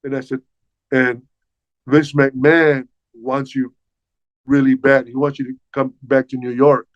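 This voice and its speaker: A man's voice: mid-range voice, unhurried, no echo. Older guy telling old wrestling-days stories, stumbles and repeats himself, muffled dry sound. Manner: animated, repeats words while recounting past dialogue. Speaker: interview guest, former wrestler. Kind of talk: casual storytelling.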